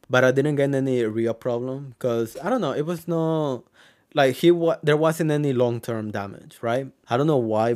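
A young man from Mexico talks to the camera, telling an old story from his childhood. He rambles as he goes, stacking up fillers, restarting sentences and swearing casually. His voice sits at an ordinary middle pitch for a man. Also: a little mellow. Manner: rambling, frequent fillers like "like" and "you know", swears freely. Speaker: vlogger.

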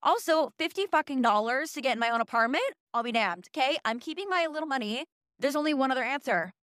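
A young woman in her early twenties with a high voice recounts her week as a podcast host. She talks in an animated, profane way and often makes fun of herself. The recording is dry and close. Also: fast talker, dry recording. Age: early 20s. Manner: animated, profane, self-mocking. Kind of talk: casual storytelling monologue.

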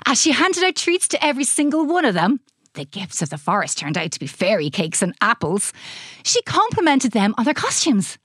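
A woman reading a children's storybook aloud in an expressive, animated way. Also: a little high, a little fast, husky, no echo, clean studio sound.

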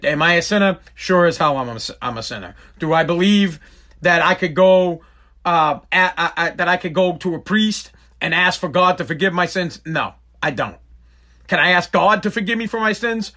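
A man's voice: a little high, bright, forceful tone. A middle-aged man telling a personal story in a blunt, rambling way, often breaking off and restarting his sentences. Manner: rambling, blunt, self-interrupting. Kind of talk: casual storytelling monologue.

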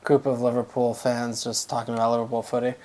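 A man's voice: mid-range voice, level tone, fast, a loud crowd. A man co-hosting a casual podcast, rambling and hedging as he works through his opinions. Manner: rambling, hedging with fillers and restarts. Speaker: podcast co-host. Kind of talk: casual chat.

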